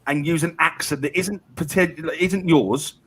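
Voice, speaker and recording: A boisterous man with a husky voice, joking and swearing in a casual chat. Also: a little high, measured pace, fairly bright tone. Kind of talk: casual chat on a live stream.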